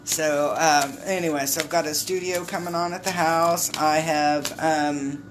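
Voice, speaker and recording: A woman's voice: low voice, steady tone, a little slow, noisy background. A middle-aged woman, an intuitive card reader, chatting casually and rambling through a live card reading while greeting viewers.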